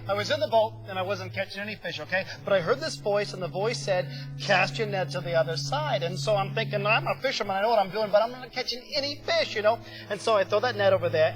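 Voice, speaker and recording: Casting: a man as an excitable, high-voiced fisherman apostle, rattling on fast, faint music underneath. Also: low-quality recording. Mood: excited. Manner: chatty, rambling, full of "you know". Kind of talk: comic video sketch.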